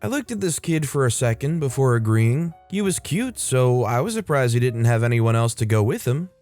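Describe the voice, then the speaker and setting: A man hosting a storytelling channel, reading online stories aloud in an expressive, upbeat way with frequent lifts in pitch. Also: normal speed, soft background music. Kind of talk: scripted narration of online stories.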